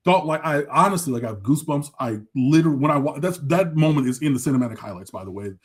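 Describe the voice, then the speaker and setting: An excitable man co-hosts a casual sports podcast, his voice slightly husky and pitched a little high. He gushes, restarts his sentences and piles on feeling as he talks. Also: fast. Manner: emotional, effusive, rambling with restarts. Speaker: podcast co-host.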